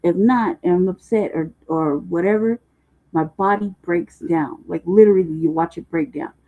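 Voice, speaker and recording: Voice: medium pitch, normal speed. A livestream host in casual, rambling talk, profane and loose with slang, often laughing. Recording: muffled phone-like livestream audio.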